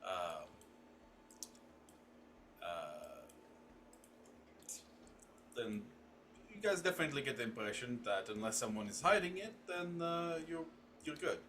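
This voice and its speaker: A man narrating as game master for a tabletop game, halting with many fillers. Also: mid-range voice, very animated, sharp tone, a little hiss or hum.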